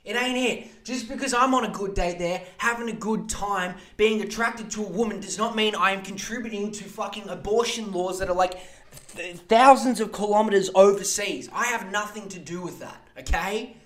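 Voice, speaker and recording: A man in his twenties with an Australian accent, hosting a podcast in a profane, animated comedic rant. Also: high voice, normal speed. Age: 20s. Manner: profane, animated, mock voices for others. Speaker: podcast host.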